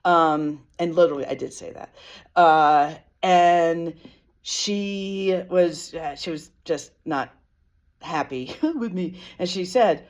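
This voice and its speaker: A woman's voice: on the low side, a little slow. A tired woman vlogger telling a story in a loose, casual way. She rambles, restarts her sentences and fills gaps with ums. She is self-deprecating.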